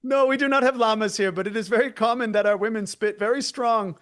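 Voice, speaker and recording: A man's voice: sits high, fast talker, a bit bright, clean tone. A man putting on the voice of an overly courteous male phone support rep.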